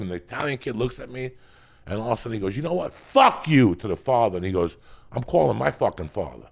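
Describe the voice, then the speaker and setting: A man, hosting a podcast and telling a story loudly, swearing constantly and acting out every voice. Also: mid-range voice, vocal fry. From North Bergen, New Jersey. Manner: loud, animated, swears constantly, acts out every voice. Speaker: podcast host. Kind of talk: profane storytelling in casual chat.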